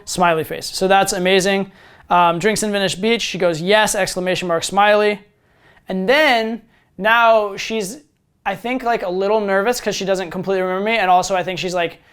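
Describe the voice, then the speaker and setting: A man's voice: high-pitched, smooth. A man talking through text messages step by step, casual and full of "right?" as he coaches dating. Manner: explains step by step, reading out texts. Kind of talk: instructional monologue.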